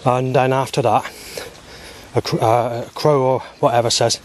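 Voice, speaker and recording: A man's voice: medium pitch, steady tone, normal speed, a little hiss or hum. A man vlogging outdoors on a walk, talking agitatedly with heavy swearing into a handheld camera. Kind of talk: rambling outdoor video diary. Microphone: handheld camera he stops himself.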